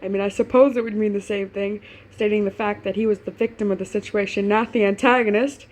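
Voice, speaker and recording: A woman's voice: mid-range voice, steady tone, fast, hardly any pauses, darkish tone. A woman casually reading fan fiction aloud at home, stumbling over words and breaking off for chatty, laughing asides.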